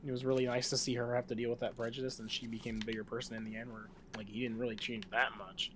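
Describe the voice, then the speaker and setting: Casual rambling male streamer, mid-pitched. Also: little pitch movement, a bit bright, slight background noise. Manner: rambling, swears freely, rapid tangents. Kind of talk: casual chat during a game stream.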